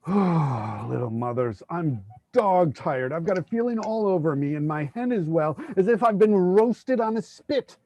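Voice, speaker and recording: A man's voice: high voice, lively intonation, normal speed, few pauses, warm tone, rough recording. A man voicing a desperate, overworked male clerk in a play reading, ranting breathlessly about his burdens. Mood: weary. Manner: exasperated ranting, breathless complaints.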